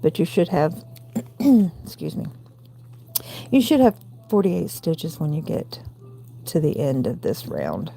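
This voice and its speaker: A woman in her forties with a gravelly voice and a Southern US accent, hosting a late-night crochet livestream from home and counting stitches aloud between chatty asides. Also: deep voice, wildly swooping pitch, measured pace, pauses often, mellow. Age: 40s. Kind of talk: casual crochet tutorial chat.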